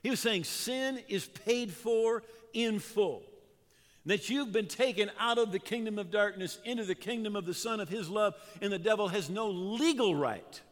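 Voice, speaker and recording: Fervent male pastor in a reverberant hall. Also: high voice. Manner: fervent preaching with dramatic pauses and emphatic builds. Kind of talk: sermon.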